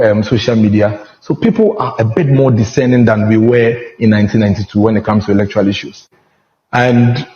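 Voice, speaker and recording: Measured Ghanaian man on a roomy panel. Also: medium pitch. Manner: deliberate, reasoned, addressing panelists. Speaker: panel guest. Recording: roomy, muffled studio audio.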